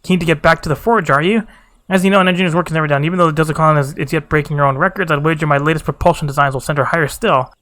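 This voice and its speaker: A genial, confident engineer from a fantasy game, chatty and proud of his work, read by a man. The voice is bright and on the high side. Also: fairly even intonation, rapid-fire, natural voice.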